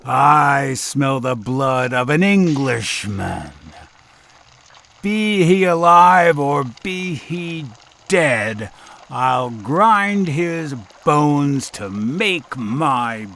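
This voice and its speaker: A man voicing a huge, hungry male giant in a storybook read-aloud, roaring his demands slowly and loudly. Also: fairly high pitch, lively intonation, exaggerated voice. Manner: roaring, slow and loud.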